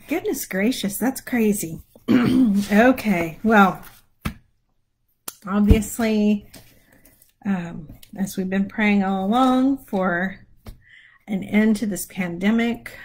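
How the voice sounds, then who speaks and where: Casual woman, livestream prayer leader, unhurried pace, slightly raspy tone. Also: medium pitch, a little mellow, rough recording. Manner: chatty, yawning, apologetic, laughs easily. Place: home room with candles. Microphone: phone or webcam livestream.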